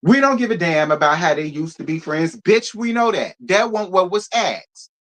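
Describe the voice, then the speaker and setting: A man's voice: high voice, expressive, normal speed, a bit bright. A man hosting a live review of a reality show, giving blunt, sassy and profane commentary, talking straight to his viewers and thanking donors. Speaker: reality TV recap host.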